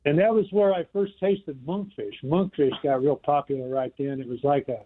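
A man's voice: a little high, fairly even intonation, moderate pace. Older man reminiscing over a phone line. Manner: rambling, reminiscing. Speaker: radio caller. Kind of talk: casual phone call-in chat.

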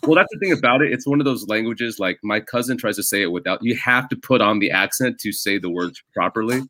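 A man's voice: on the low side, quick pace, sharp tone, no echo. A man raised in the United States, a comedian, telling rambling stories in a casual podcast chat, often stopping and restarting. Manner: rambling, self-interrupting storyteller. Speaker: stand-up comedian guest.

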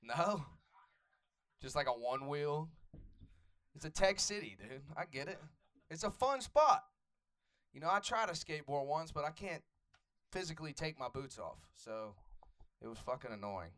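Onstage at a comedy club, this young Atlanta man speaks with a Southern Atlanta accent in a fairly bright, expressive voice on the high side. He moves at a moderate pace with long pauses, working the crowd in a loose, profane way and riffing with the audience.

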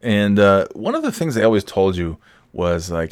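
A man's voice: on the low side, very animated, normal speed. Rambling man telling a story. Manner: rambling, many restarts, swears freely, self-mocking. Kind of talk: casual storytelling monologue.

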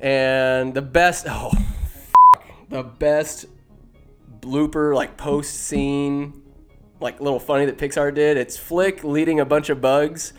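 A young man chats loosely and profanely as he ranks films, cracking self-deprecating jokes along the way. His voice sits a little high for a man. Faint music plays softly underneath. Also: steady tone, slow. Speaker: solo movie-ranking streamer. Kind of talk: casual rambling commentary.

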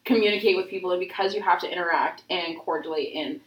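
A young woman in her twenties talks loosely and at length, stringing thoughts together with filler words and swearing. Her voice sits on the low side. The room around her rings with echo. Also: quick pace. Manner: rambling, heavy use of filler "like", frequent swearing. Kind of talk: casual chat.

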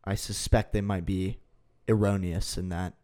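A man's voice: sits low, flat delivery, moderate pace, darkish tone. Sarcastic man hosting a podcast. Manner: sarcastic, mocking asides. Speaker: podcast host. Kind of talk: casual chat.

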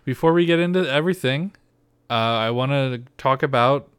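Smooth-voiced man chatting on a podcast. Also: mid-range voice, normal speed, a bit bright, no room sound. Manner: teasing, rambling. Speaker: podcast co-host. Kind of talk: casual chat.

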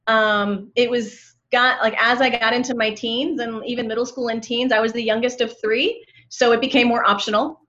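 A woman's voice: fairly high pitch, steady tone, moderate pace, hardly any pauses, a bit bright. A woman of fifty, a relationship coach, talking openly and reflectively in a casual conversation, with many likes and ums. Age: 50s. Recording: dull lo-fi sound.

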